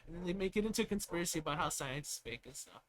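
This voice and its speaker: A man's voice: a little high, expressive, racing, crowd noise, poor audio. Young man streaming, laughing asides. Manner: reads an article aloud, breaking off with laughing, swearing asides. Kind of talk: casual live-stream commentary.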